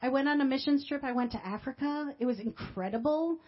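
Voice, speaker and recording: A woman pastor telling a personal testimony in a sermon, with emotional storytelling that swings from quiet to loud. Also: sits high, fairly quick, dull audio.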